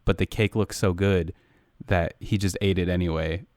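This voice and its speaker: Young male podcast co-host, lowish voice, dry close mic, crude rambling banter. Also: fairly even intonation, normal speed, dry recording. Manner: rambling, crude and jokey, with sudden loud jumps. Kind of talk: casual chat.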